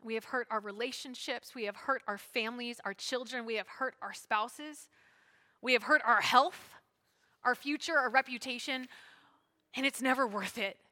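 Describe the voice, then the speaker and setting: A woman pastor preaching a sermon, swinging between loud emphatic lines and hushed asides. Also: fairly high pitch, moderate pace.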